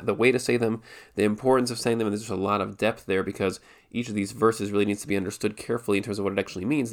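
A man teaches a lesson in a steady, explanatory way. He thinks aloud, often restarting phrases and repeating words as he works through each idea. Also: on the low side. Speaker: Torah teacher. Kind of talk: spoken Jewish law lesson.

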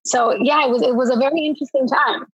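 A woman host speaking candidly, searching for her words with halting restarts, on a dull lo-fi mic. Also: sits high, steady tone, breathy edge, no echo. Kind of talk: reflective conversational talk.

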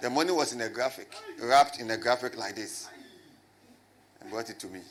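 A man preaching a lively sermon as a pastor, swinging from loud shouts to low asides and calling on the congregation to answer. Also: normal speed. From Ghana. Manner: animated, rising to shouts and dropping low, with call and response.

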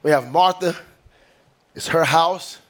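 A man with a high-pitched voice delivering a sermon. He tells stories in a relaxed, slangy way. He builds into a loud, sing-song preaching rhythm and calls for responses from the congregation. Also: takes it slowly. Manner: conversational and slangy, with call-and-response. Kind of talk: sermon with personal storytelling.

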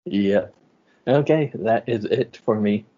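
A man's voice: fairly low pitch, slow, dark tone, lo-fi sound. A man co-hosting a podcast in easygoing casual chat, laughing between thoughts. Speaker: podcast co-host.

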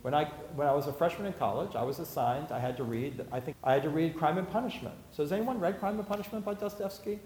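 A man's voice: a little high, quick pace, hardly any pauses, a little mellow, a little hiss or hum. A man teaching about Jewish law to a live audience, talking casually with stories and acted-out quotes. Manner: conversational, anecdotal, acts out quotes. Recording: echoey hall, faint ambience.

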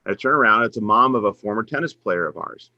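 Guesting on a podcast interview, a middle-aged head women's basketball coach from Minnesota shares a personal faith story earnestly, becoming animated whenever he quotes others. He talks fast in a voice on the low side, with dry, lo-fi recording.

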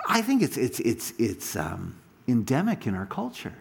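A man's voice: medium pitch, huge pitch swings, moderate pace, creaky, breathy edge. A man preaching a sermon, telling stories animatedly with frequent restarts and asides. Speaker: pastor.

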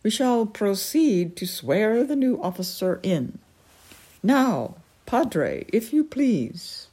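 A woman's voice: medium pitch, very animated, takes it slowly, dark tone, husky, voice pushed up, heavily acted. A woman voicing a stern, commanding female peregrine falcon in a storybook reading, formal and imperious.

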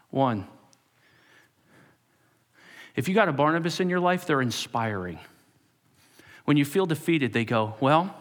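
A man preaching a sermon to his congregation with a lively, swooping voice. He acts out the people he quotes and sinks to a hushed whisper for emphasis. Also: mid-range voice. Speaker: pastor.

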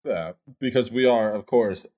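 A man's voice: lowish voice, unhurried, warm tone, husky, dull audio. A man co-hosting a casual podcast, making sarcastic, self-deprecating quips. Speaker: podcast co-host.

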